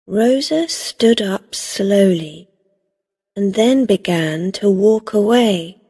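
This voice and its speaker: Slow, husky woman narrating a story. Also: medium pitch. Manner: steady, even, clearly paced for learners. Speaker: audiobook narrator. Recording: long reverb.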